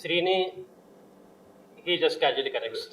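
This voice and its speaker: A man's voice: on the high side, animated, normal speed, a bit bright, poor audio. A man, a film director giving short, plain answers with Telugu mixed in. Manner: brief, plain-spoken, mixing in Telugu. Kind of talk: conversational interview answer.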